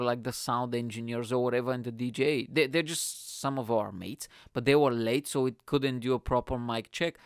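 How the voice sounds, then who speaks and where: A man's voice: medium pitch, clean tone, no echo, studio quality. A young man, a comedian, casually telling a story, acting out quotes, swearing freely and laughing often.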